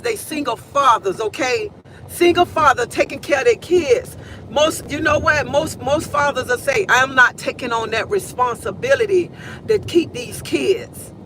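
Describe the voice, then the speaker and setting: A woman's voice: high-pitched, background noise. A woman in her forties hosting a live stream from her car, talking casually and emphatically and repeating phrases for stress, picked up on a phone.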